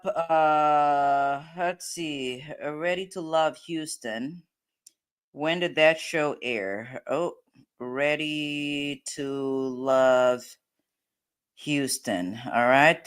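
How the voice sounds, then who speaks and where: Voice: mid-range voice, extremely slow, fairly bright tone, clean tone. A host giving casual commentary, thinking aloud and laughing often.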